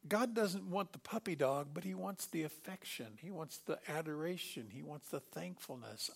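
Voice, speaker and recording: A middle-aged pastor delivers a sermon with animated energy in a voice a little high for a man, gravelly and slightly rough. He moves at a moderate pace with few pauses, slipping into quoted voices and sudden loud bursts before settling back into a calm, even tone.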